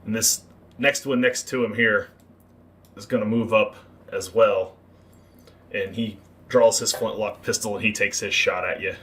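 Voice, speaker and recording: A man acting as game master, narrating a tabletop game and explaining rules with relaxed fillers. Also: on the low side, unhurried, pauses often.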